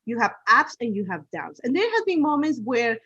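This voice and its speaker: A woman guest chats on a podcast, laughing easily as she searches for the right words. Her voice is high and breathy. She comes through a dull, dry remote line. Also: sing-song, fairly quick, bright, forceful tone, no echo. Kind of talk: casual conversation.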